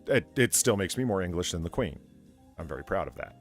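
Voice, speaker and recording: Lower-voiced rambling man, lively. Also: a little fast, faint music behind. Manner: rambling, hesitant, laughs often. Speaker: podcast co-host. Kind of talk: casual chat.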